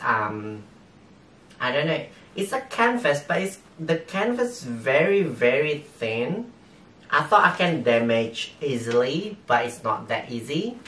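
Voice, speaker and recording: Slow, bright-voiced man with a non-native accent. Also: mid-range voice. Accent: non-native English accent. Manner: halting, hesitant, broken English with many fillers. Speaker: vlogger. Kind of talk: unboxing haul vlog. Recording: roomy echo, distant mic, faint noise.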